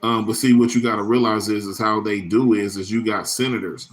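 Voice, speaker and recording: A man's voice: on the low side, steady tone, fairly quick, a little hiss or hum. A man hosting his own livestream in a loose, rambling, profane way, full of slang and answering viewers' chat comments by name. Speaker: livestream host.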